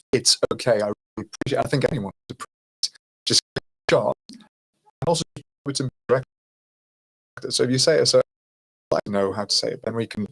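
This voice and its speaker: A man's voice: mid-range voice, creaky, slightly rough, rough recording. A man from Greece chatting casually on a podcast, rambling and laughing a little as he talks. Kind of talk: casual chat.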